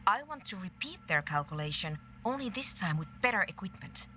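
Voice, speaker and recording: A woman plays a sharp-toned young programmer who speaks in short, focused bursts. She is clever and impatient. Soft hiss sits under her voice. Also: mid-range voice, sing-song, a little fast. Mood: eager. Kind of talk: reading game dialogue aloud.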